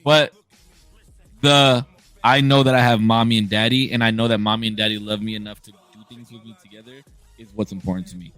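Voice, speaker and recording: A man's voice: lowish voice, fairly even intonation, brisk, fairly bright tone, dry recording, soft background music. A man in his thirties talking candidly in a casual conversation, emphatic and blunt, often restarting his sentences. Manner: emphatic, frequent profanity and restarts.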